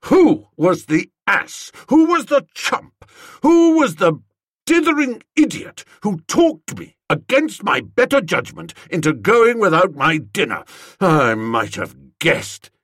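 Brief: male reader doing an irate bossy aunt, loud blustering tirades, husky, pitch swinging wide. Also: sing-song, a little slow, no echo, studio quality, exaggerated voice. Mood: furious. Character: irate, bossy middle-aged aunt, woman.

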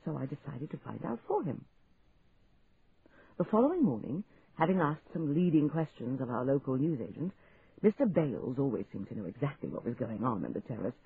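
A man reading an audiobook aloud in a lively, expressive narrating style. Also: medium pitch, gravelly, husky. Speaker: audiobook reader. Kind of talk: scripted narration. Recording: tinny phone-like sound, faint hiss.

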